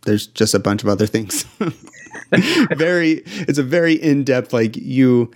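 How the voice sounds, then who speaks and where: A man's voice: mid-range voice, lively intonation, unhurried, darkish tone. A young man from Utah, a filmmaker guest in a casual interview, easygoing and often chuckling between thoughts. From Utah, United States.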